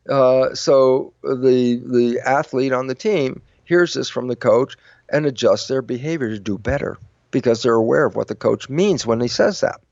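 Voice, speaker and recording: An older man with a gravelly, mid-pitched voice talks through his ideas as an interview guest. He acts out both sides of imagined dialogues as he goes. The audio is dry and slightly muffled. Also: darkish tone, dry recording. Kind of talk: animated interview talk.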